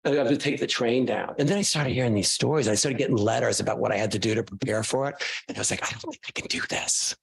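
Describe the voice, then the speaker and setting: Animated man telling stories. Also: medium pitch, fast talker, gravelly, hardly any pauses, husky. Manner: animated, anecdotal, self-mocking. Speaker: guest author. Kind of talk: casual storytelling to a class.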